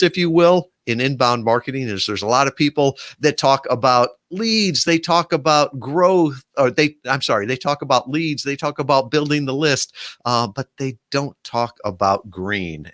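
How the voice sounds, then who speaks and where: A man's voice: mid-range voice, a bit bright, no echo. A man hosting an interview podcast, chatty and rambling, with many fillers and restarts. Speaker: podcast host.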